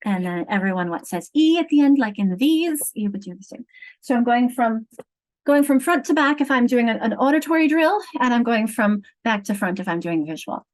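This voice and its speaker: A woman training teachers online over a video call, explaining patiently and slowly sounding out syllables and letters. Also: a little high, expressive. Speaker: literacy trainer.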